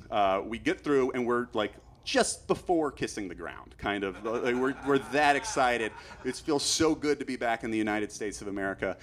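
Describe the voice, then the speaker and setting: A man telling a long comic story on stage, rambling and growing loud and frantic as he acts out his panic. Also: mid-range voice. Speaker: stand-up comedian. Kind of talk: stand-up storytelling.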